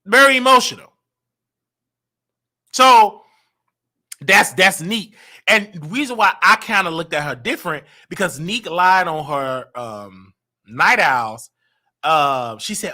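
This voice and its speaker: Animated, bright-voiced male livestream host. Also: on the high side, normal speed. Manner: animated, boastful, repetitive. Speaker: show host. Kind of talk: casual livestream rant.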